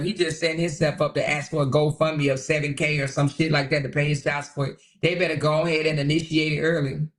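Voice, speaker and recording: A woman hosting a livestream, reading viewer comments in casual chat that is animated, laughing and gossipy. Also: deep voice, fast talker, hardly any pauses. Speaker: livestream host.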